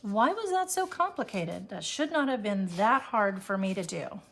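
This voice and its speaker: A woman counting cash aloud for a budgeting vlog, often quietly, with self-deprecating remarks between counts. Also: medium pitch, very animated, normal speed, a little hiss or hum. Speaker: budgeting vlogger. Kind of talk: casual cash-stuffing vlog.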